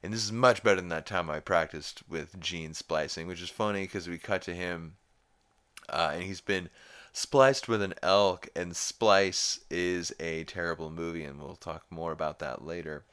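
A man's voice: deep voice, steady tone, normal speed, fairly bright tone, smooth. A man hosting a podcast, casually recapping a cartoon episode in a rambling way full of fillers. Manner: rambling, filler-heavy retelling. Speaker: podcast host.

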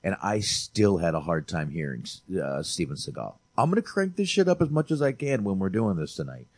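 Deep-voiced animated man, dry sound. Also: brisk, no room sound. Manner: animated, swears freely, says dude. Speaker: podcast co-host reviewing movies. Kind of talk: casual profane movie-review chat.

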